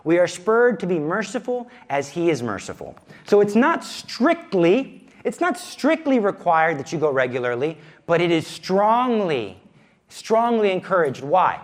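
Youth minister, man in his thirties, high voice with lively swings, chatty and self-mocking as he teaches. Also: a little slow. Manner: animated, self-deprecating, conversational. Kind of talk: teaching a parish class.

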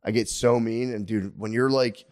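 Thirtysomething guy rambling on a podcast, kinda low voice, swears a lot, dry sound. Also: fairly even intonation, moderate pace, a little mellow, dry recording. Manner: rambling, profane, laughs often. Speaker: podcast co-host. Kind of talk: casual chat.

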